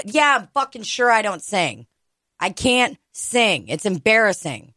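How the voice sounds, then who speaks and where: A woman's voice: medium pitch, sing-song, unhurried, sharp tone, no echo, clean studio sound. Crude joking woman co-host. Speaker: podcast co-host. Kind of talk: casual chat.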